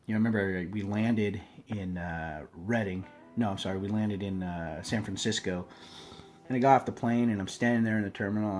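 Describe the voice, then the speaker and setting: A man telling a personal story in a loose, earnest, conversational way, often saying "you know" and "man". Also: on the low side. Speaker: storyteller sharing personal testimony. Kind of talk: casual spoken storytelling.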